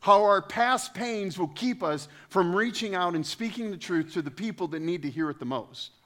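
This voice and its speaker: A man preaching to a congregation, his voice sitting a little high. He swings from loud, rising scripture quotes to casual, chatty asides aimed at the room. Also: normal speed. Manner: animated, rises in pitch and volume when quoting scripture. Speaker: pastor. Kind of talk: sermon.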